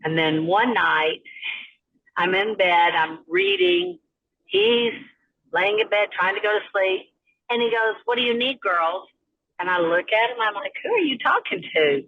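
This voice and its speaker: A woman's voice: medium pitch, unhurried, phone-quality sound. A woman calling in to tell a ghost story, acting out the voices of the people in it. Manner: storytelling, acts out quoted voices. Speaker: caller.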